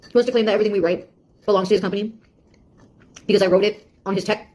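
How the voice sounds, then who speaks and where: Woman acting as young female beta tester, husky voice, taunting, exasperated, audio drama. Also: mid-range voice, steady tone, rapid-fire, darkish tone, close to an everyday voice. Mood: sarcastic. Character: sarcastic young woman scolding a nosy AI.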